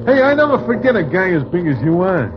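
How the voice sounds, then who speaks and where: An actor playing a calm, bossy tough gambler in 1940s radio acting, with flat, stiffly formal phrasing. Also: male voice, high-pitched, a little fast, over music. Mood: deadpan. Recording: dull, faintly hissy old radio recording.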